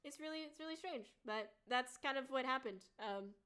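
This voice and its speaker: A woman's voice: sits high, normal speed, pushed and bright, smooth. A woman streamer in casual chat, ranting bluntly and swearing freely. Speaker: VTuber streamer.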